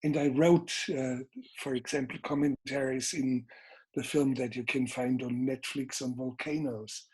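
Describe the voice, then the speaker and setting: An older man with a Bavarian German accent, a filmmaker guest in an interview, speaking in measured, deliberate, emphatic phrases. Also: mid-range voice, fairly even intonation, a little mellow. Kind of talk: interview conversation.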